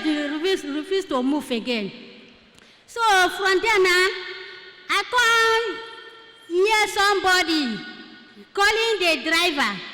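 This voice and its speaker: High, bright Nigerian woman testifying. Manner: storytelling, slipping into Pidgin phrases. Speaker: church member giving testimony. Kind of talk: testimony in church. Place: church hall. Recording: echoey church hall.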